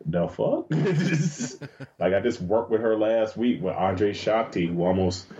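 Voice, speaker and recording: Male guest, very low voice, animated and profane, casual storyteller, muffled lo-fi audio. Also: slow. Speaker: interview guest, adult film performer. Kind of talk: casual chat.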